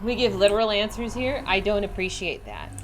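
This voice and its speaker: A woman's voice: medium pitch, very animated, a little fast, slight background noise. A woman streamer chatting casually and swearing freely while she plays a game. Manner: bubbly, giggly, swears freely. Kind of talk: casual gaming livestream chat.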